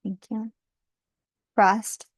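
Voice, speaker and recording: A woman's voice: mid-range voice, level tone, drawn-out words, husky, no room sound. A woman doing a casual tarot card reading, thinking aloud, often breaking into laughter and apologizing. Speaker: tarot reader.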